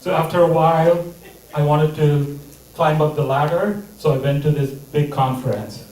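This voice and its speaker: A man doing a stand-up comedy set with a deadpan, mock-serious delivery. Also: a little high, moderate pace, a little hiss or hum. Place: comedy theater stage. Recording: echoey theater mic from a distance.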